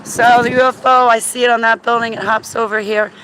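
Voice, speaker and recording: A woman telling a story to her viewers in an excitable, chatty way while walking outdoors on a city street, often checking in with "right?". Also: on the high side, a little fast, slight background noise. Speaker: vlogger. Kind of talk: casual storytelling to camera.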